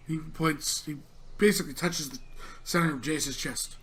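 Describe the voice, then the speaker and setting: A man's voice: a little high, moderate pace, fairly bright tone, a little hiss or hum. A man narrating a tabletop game as game master, in a loose, rambling way with many fillers.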